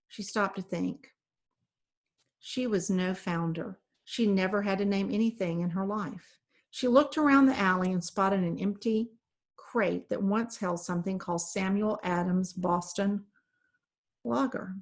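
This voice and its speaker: A woman reads a children's novel aloud, narrating in steady, even storytelling. Her voice sits at a middling pitch. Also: unhurried. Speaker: reader.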